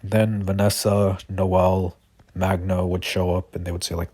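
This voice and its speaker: A man with a very low, monotone voice improvises a fan story. He rambles and restarts, leaning on filler words. The sound is dry and close. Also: normal speed, dry recording.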